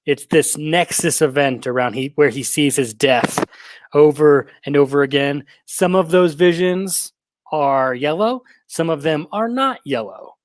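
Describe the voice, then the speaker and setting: A man co-hosting a podcast, chatting casually and retelling film scenes with lively acted-out quotes. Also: fairly high pitch, a little slow, no room sound. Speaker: podcast co-host. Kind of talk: casual film recap chat.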